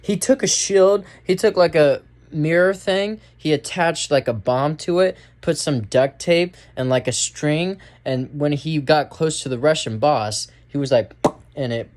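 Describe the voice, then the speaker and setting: A man's voice: on the high side, a little slow, a little mellow. Rambling young man reviewing a film. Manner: rambling, many fillers and restarts. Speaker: movie reviewer. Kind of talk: casual spoken film review.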